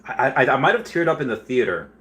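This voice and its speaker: A man hosting a casual livestream, rambling with lots of fillers and getting loud and worked up when annoyed. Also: medium pitch, fast talker. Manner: excitable, rambling with many fillers, gets loud when upset. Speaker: host.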